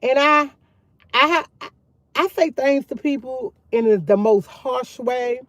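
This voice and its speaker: Here a woman with a high, slightly bright voice speaks at a measured pace, with no room sound. She's a vlogger doing a casual live stream outdoors on her phone, chatting openly with viewers and repeating herself as she talks.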